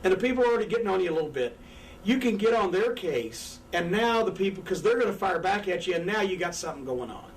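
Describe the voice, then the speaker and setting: Frantic, profane high-voiced man. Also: sing-song, fast talker. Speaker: former wrestling manager. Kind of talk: profane shoot interview. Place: sitting on a couch indoors. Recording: distant mic with faint background noise.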